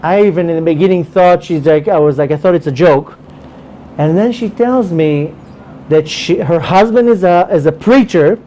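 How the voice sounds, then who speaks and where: A man teaching as a rabbi, telling a story in a religious class with animated delivery and repeated phrases for emphasis. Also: on the high side, moderate pace, slight background noise, poor audio.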